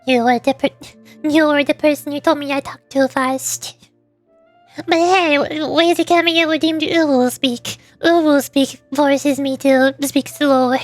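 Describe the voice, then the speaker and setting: A woman streaming and chatting casually with viewers, talking fast when excited and laughing often. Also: high-pitched, dry recording, faint music behind. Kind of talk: casual livestream chat.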